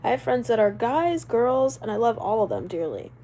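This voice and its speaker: A chatty young woman rambles on a live stream in a loose, animated way. Her voice sits a bit high. Faint noise hums behind her. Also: normal speed, poor audio. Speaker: livestreamer. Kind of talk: casual live-stream chat.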